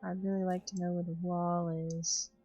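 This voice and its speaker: A woman's voice: on the low side, level tone, normal speed, warm tone, faint music behind. A woman streaming a game, talking to herself in a jittery, easily spooked way as she plays. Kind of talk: casual gameplay commentary.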